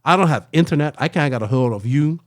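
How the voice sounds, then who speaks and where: A man telling a long travel story in casual podcast chat, rambling and animated, tagging lines with "right?" and "like". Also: on the high side, quick pace.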